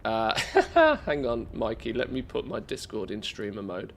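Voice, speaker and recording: A man's voice: medium pitch, wildly swooping pitch, unhurried, creaky. Congested man with a cold, game streamer, loose rambling live chat, faint background noise. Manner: rambling, many fillers and restarts.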